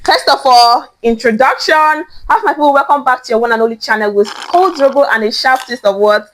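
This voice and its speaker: A young woman with a Nigerian accent, her voice sitting a little high. She talks in an excitable, playful way, leaning on repeated phrases as she hosts a casual teaching chat. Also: fairly quick. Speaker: host.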